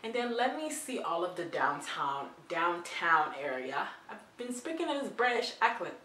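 A woman's voice: fairly high pitch, expressive, fairly quick, a bit bright, slight background noise. A young woman vlogger chatting playfully through tag questions, with giggly asides. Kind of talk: casual chat answering tag questions. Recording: roomy, distant from the mic.

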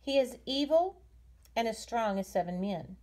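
Proud sneering noble lady from an old legend, read by a woman storyteller, mellow tone. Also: a little high, animated, normal speed, natural voice. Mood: scornful. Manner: haughty, scornful.

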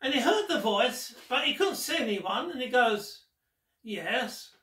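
A man's voice: very high-pitched, animated, normal speed, pushed and bright. A man performing a magic trick while telling a Gospel story, teasing the viewer. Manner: playful and teasing, addressing the viewer. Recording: roomy echo, distant mic.

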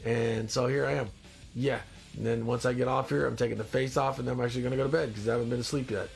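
A man's voice: mid-range voice, steady tone, fast, creaky, soft background music. A man with a stuffy nose hosting a casual live stream, joking and rambling as he reads out viewer comments. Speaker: live-stream host in demon costume.

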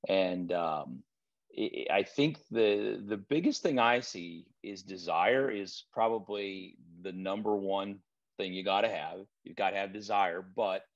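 A man speaking as a guest property trainer in a relaxed interview, telling stories with frequent restarts. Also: low voice, unhurried. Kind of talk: casual interview chat. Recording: dull lo-fi remote recording.

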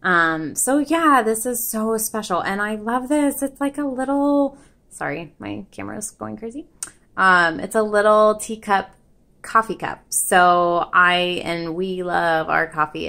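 A young woman vlogging in a casual, chatty way, her voice sitting a little low but swinging up whenever she gets excited. She gushes, giggles and trails off mid-sentence as she shows off each gift. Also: vocal fry. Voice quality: voice shifts in pitch a lot. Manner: bubbly, gushing, giggly, trailing off. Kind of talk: casual unboxing chat.

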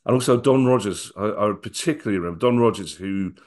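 A man's voice: lowish voice, quick pace, darkish tone. A middle-aged man, a guest on an interview podcast, recalling old memories in a rambling way with many restarts. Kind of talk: casual storytelling interview.

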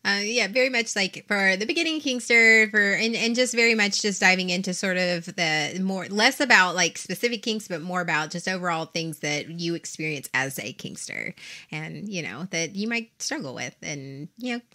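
A woman's voice: lowish voice, expressive, moderate pace, pushed and bright. A woman co-hosting a casual podcast chat, talking chattily with lots of "like" and giggles. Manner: chatty, says "like" often, giggly. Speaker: podcast co-host.

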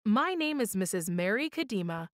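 A woman voicing a kindly older woman in a storybook, speaking with a gentle, musical lilt. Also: mid-range voice, very animated, normal speed, no echo, clean studio sound, lightly acted.

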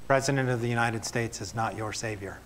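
A man's voice: mid-range voice, fairly quick, a bit bright, slight background noise. A male pastor reading scripture aloud and preaching earnestly to his church. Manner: reads scripture then speaks plainly and earnestly to the congregation. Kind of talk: sermon.

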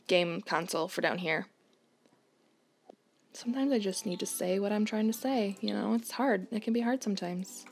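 A woman hosting a casual let's-play, chatting playfully as she plays and tossing out mock-outraged exclamations. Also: mid-range voice. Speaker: gaming channel host.

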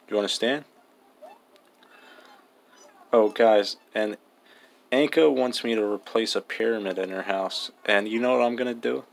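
A man's voice: fairly low pitch, creaky. A young man giving casual, joking gameplay commentary, mumbling and swearing freely. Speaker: gaming vlogger.

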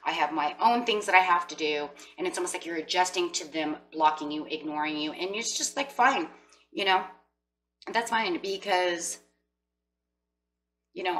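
A woman's voice: fairly low pitch, moderate pace, a bit bright, recorded from a distance, poor audio. A woman giving a chatty tarot reading, acting out what people might say. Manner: chatty, acts out quoted voices with emphasis. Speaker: tarot reader.

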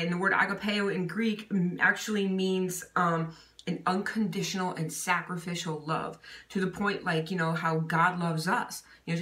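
A woman's voice: lowish voice, fairly bright tone, recorded from a distance. A woman giving an informal Bible teaching, talking casually with fillers like "you know" and "okay?". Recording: echoey room, voice set back from the mic.

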